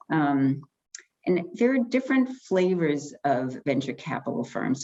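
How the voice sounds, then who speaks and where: Woman lecturer, low voice, chatty slide-by-slide explanation, dull lo-fi recording. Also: darkish tone. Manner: conversational, frequent ums and restarts.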